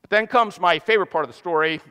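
A man's voice: high-pitched, fast talker, bright, forceful tone, clear, resonant tone. A man preaching a sermon, retelling a scripture story in a casual, conversational way with playful asides. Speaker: pastor. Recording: long hall reverb.

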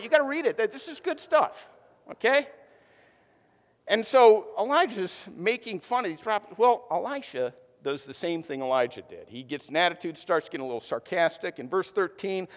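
Male preacher, casual chatty sermon, somewhat high voice, long hall reverb. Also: fairly bright tone. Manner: casual, chatty storytelling with many fillers.

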